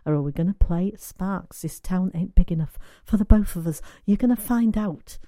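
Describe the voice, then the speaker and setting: A woman presenting a chatty radio show, bubbly, with her voice rising as she gets excited. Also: fairly low pitch, normal speed, no echo, studio quality. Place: radio studio. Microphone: studio microphone.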